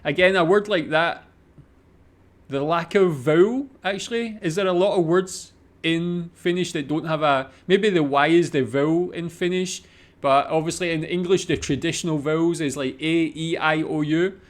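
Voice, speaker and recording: A Scottish man hosting a casual reaction video, repeating foreign words slowly and chatting between them. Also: fairly high pitch. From Scotland.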